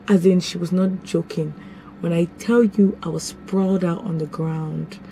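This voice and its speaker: A young woman vlogging at home, telling a story in a casual, animated, dramatic way with sudden jumps in pitch. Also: unhurried, a little hiss or hum.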